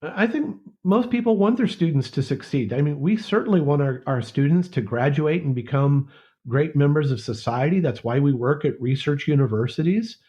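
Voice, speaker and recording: A man's voice: a little high, animated, moderate pace, mellow, highs cut off. A man, a university lecturer, speaks as a guest in a conversational podcast interview, thoughtful and often restarting words.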